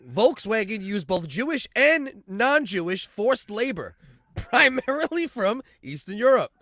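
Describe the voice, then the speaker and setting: Profane, animated man in crude banter. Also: high voice, a little slow, no room sound, studio quality. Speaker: podcast co-host.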